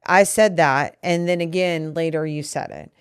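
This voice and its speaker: A woman's voice: sits low, moderate pace, clean tone, no echo, clean studio sound. A woman co-hosting a podcast, talking earnestly and at length with her partner about a disagreement. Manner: earnest, explaining at length with restarts. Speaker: podcast co-host. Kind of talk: candid couple conversation.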